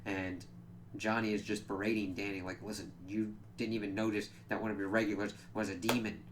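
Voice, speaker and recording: Male comic reviewer, casual and animated, slightly low voice, light background hum. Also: fairly quick. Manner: animated retelling, acts out characters' lines, frequent "like".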